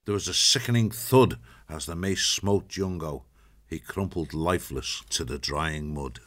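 A man with a very low voice narrating a storybook chapter. He reads in a measured, even storytelling manner. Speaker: audiobook narrator. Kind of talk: scripted narration.

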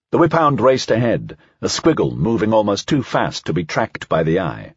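A man narrating a science-fiction audiobook in a steady, expressive reading. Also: on the low side, moderate pace, few pauses, husky, no echo, dull audio. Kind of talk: scripted narration.

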